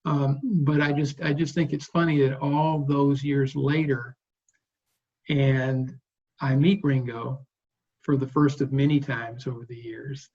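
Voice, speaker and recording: A man in his sixties, a guest bass player, telling stories in an interview in a relaxed, rambling way. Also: measured pace, husky, muffled recording. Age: 60s. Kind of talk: interview storytelling.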